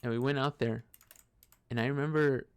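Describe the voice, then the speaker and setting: A man's voice: mid-range voice, steady tone, normal speed, clear, resonant tone. A man telling a personal story in a rambling, casual way, swearing often and restarting sentences while he plays a computer game. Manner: rambling, profane, many fillers and restarts.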